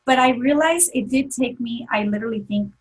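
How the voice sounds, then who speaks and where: A woman's voice: on the high side, brisk, husky, low-quality recording. A woman telling an emotional personal story as an interview guest, earnest, with many fillers and restarts.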